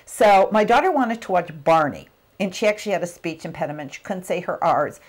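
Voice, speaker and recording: Middle-aged woman telling a lively personal story. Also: on the low side, a little fast. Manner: animated storyteller, acts out quotes. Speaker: motivational speaker.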